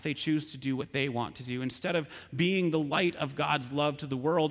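A pastor preaching a sermon, retelling a story with frequent rhetorical questions. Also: male voice, on the high side, fairly bright tone, in a large hall.

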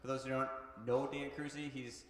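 A man gives church announcements in a relaxed, hesitant way. His voice sounds roomy and echoey, with a long reverb tail from the church hall. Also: mid-range voice, normal speed. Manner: relaxed, hesitant, filler-heavy. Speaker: pastor. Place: church sanctuary.

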